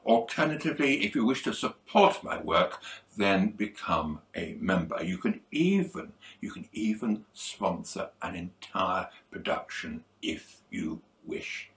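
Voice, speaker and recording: An older man, a photography YouTuber, giving advice to viewers at an unhurried, measured pace, now and then stumbling over his words and a little hoarse. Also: deep voice, very animated, a bit bright. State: losing his voice.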